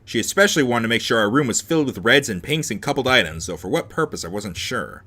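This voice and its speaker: A man's voice: mid-range voice, lively intonation, quick pace, bright, forceful tone. A man reading a visual novel aloud as host, dropping sarcastic asides between the lines of narration. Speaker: let's play host.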